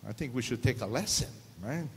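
A man's voice: mid-range voice, fairly quick. Man, pastor, joking sermon, long church reverb, faint hiss. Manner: joking, animated, acts out dialogue. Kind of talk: humorous sermon storytelling.

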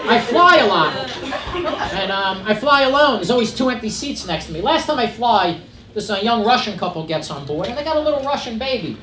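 A middle-aged man does stand-up on a club stage, telling stories in a dry, conversational style with asides to the audience; his high voice swings widely in pitch and runs a little fast. Recorded from a distance in a roomy club, the audio is full of crowd noise and loud laughter.

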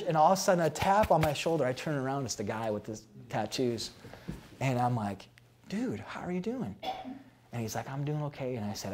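A man from South Dakota, a pastor, telling a story in an animated, expressive way and laughing at his own tales. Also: mid-range voice. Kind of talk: sermon-style storytelling talk.

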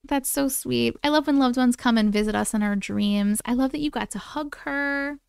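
High, gravelly woman gushing on a live stream. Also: normal speed, no room sound, studio quality. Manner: gushing and affectionate, chatty. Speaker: live-stream host reading viewer stories. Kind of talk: casual live-stream chat. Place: at home with her cats.

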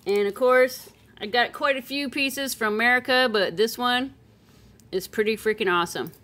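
A woman casually chatting as she unboxes silver pieces, playful and chatty, breaking into excited squeals and sing-song calls. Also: a little high, normal speed. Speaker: silver coin collector vlogger.

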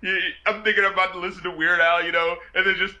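A man hosting a casual chat, telling stories in an animated way and often breaking into laughter. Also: high voice, quick pace, background noise. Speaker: music video reviewer and show host.

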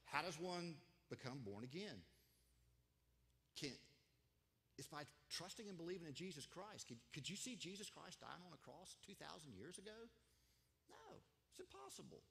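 Animated preacher in a reverberant church. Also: male voice, a little high, moderate pace, creaky. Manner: conversational, emphatic, with rhetorical questions. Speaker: pastor. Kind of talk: sermon. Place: church sanctuary. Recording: long hall reverb.

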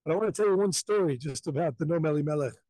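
Emphatic high-voiced man telling a story. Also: racing, mellow, no echo, poor audio. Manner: repetitive, emphatic, acts out quotes. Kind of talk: animated live storytelling. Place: outdoors at a crowded pilgrimage site.

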